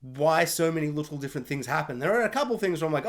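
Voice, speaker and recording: A man's voice: fairly high pitch, lively intonation, quick pace. A man giving a casual spoiler film review, rambling with lots of "like" and firing off questions.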